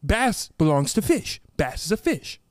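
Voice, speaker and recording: High lively young man, goofy and rambling. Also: unhurried, no room sound, studio quality. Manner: rambling, goofy, laughs often, sing-song asides. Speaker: podcast host. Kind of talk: casual chat.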